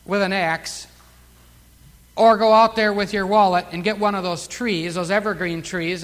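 Fervent male preacher, high-pitched voice, long hall reverb. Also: fairly bright tone. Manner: fervent preaching, surging emphasis on key words. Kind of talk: sermon.

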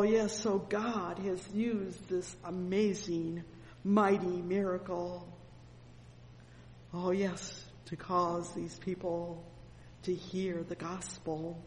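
A woman's voice: lowish voice, a little mellow, slight background noise. A woman preaching a sermon with fervent exclamations, reading scripture and retelling it. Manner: fervent, frequent exclamations of "oh" and "amen". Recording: long hall reverb with faint ambience.

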